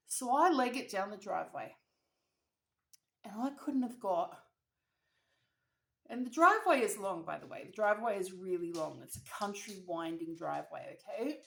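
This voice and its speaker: In this storytime-while-eating clip, a young Australian woman vlogs a dramatic, slangy story between bites. Her medium-pitched voice is creaky yet fairly bright, at a normal speed. The room she's in sounds echoey.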